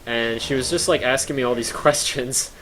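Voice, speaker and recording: A man's voice: medium pitch, fairly even intonation, normal speed, a bit bright, a little hiss or hum, poor audio. A man streaming live, chatting casually to his viewers, a little tired, rambling through stories with lots of fillers and restarts and chuckling often.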